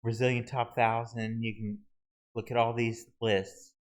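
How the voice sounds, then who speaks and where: A man walking viewers through a website search tool in a halting, casual screen-recorded tutorial, often restarting his sentences. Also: medium pitch, level tone, poor audio. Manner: halting, many restarts and fillers. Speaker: video tutorial host.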